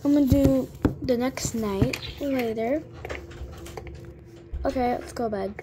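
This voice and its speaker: A woman's voice: high voice, slow pace, noisy background. A girl giving chatty gameplay commentary, full of fillers and sudden exclamations. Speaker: gamer.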